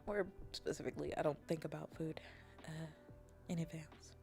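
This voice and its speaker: Woman, soft-spoken stream chat, half-whispered, low, gravelly, playful teasing, faint music behind. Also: steady tone, moderate pace. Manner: playful, half-whispered, mock-taunting teases.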